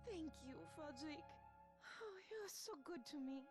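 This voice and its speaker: A very high, lively voice for a captive young opera singer, as a woman plays her in a fan-voiced game playthrough. She sounds plaintive and dramatic. Game music plays clearly behind her. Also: measured pace. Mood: wistful.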